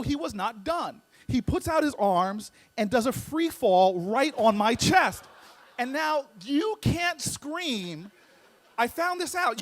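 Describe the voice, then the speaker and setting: Guy w a high voice doing a funny story speech, lively, repeats himself building up. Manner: animated, comic timing, repeats words while building up. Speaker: guest speaker.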